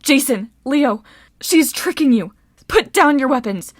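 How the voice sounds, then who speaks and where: A desperate teenage girl, read by a woman pleads with everything she has, her voice pitched up and urgent. The sound is dry and close. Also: animated, unhurried, no echo. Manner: pleading, emotional.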